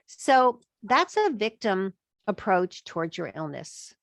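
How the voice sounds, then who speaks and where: With lively intonation and an unhurried pace, a woman of medium pitch speaks as a podcast guest expert on chronic illness. She's emphatic and acts out the thoughts running through her head. The recording has no echo.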